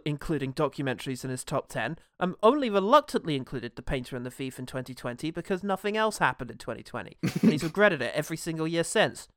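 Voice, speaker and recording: A man's voice: fairly high pitch, very animated, fast, few pauses, no echo, clean studio sound. A man co-hosting a podcast, chatting casually and enthusiastically about a favourite film and swearing freely. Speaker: podcast co-host. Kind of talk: casual film review chat.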